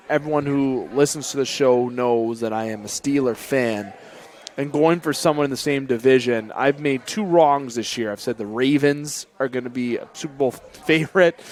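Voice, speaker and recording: A man hosting a casual sports talk show from a bar and grill, briskly calling on his co-hosts for their picks. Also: mid-range voice.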